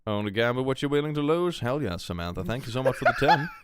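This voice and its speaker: A man's voice: mid-range voice, lively intonation, fast, clear, resonant tone, dry recording, clean studio sound. A man hosting a casual stream, reading out donations and trading crude jokes on a desk mic. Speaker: stream host.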